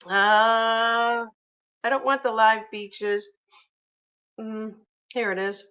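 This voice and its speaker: Woman, livestream host, casual chat, gushing, lots of ums, slightly high voice. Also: fairly even intonation, very slow, bright, forceful tone, clear, resonant tone, poor audio. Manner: chatty and gushing, with frequent ums and uhs. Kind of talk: casual livestream chat reading viewer comments.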